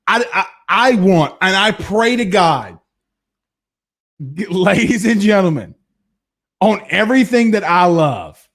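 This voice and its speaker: A man hosting a live-stream sports talk show, reading viewer comments and giving blunt opinions. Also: high-pitched. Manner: blunt and opinionated, with frequent restarts and laughs.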